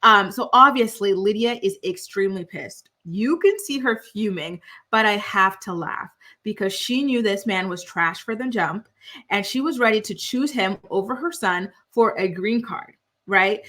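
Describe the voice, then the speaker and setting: A woman's voice: medium pitch, a bit bright. A woman recapping a reality show in casual commentary, blunt and scornful, rambling on with lots of fillers.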